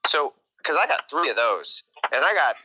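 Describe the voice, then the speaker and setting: A middle-aged man on a gaming stream with a very bright, sharp-edged voice at an ordinary pitch. He rambles eagerly, stacking up fillers, over a faint hiss of noise. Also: sing-song, moderate pace, low-quality recording. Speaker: stream guest. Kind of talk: casual gaming chat.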